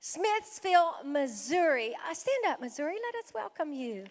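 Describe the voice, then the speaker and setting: Speaking from the pulpit of a church sanctuary, a woman pastor greets visitors with a high, very animated voice at a moderate pace. She is exuberant and keeps exclaiming praise, while the reverberant hall carries a faint congregation.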